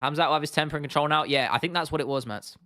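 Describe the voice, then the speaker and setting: Guy on a livestream, smooth clear voice, rambly and sweary, dry sound. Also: on the high side, very fast, bright, forceful tone, no room sound. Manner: rambling, swears freely, lots of restarts and fillers. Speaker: MMA livestream host. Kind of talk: casual livestream chat, reading out viewer comments.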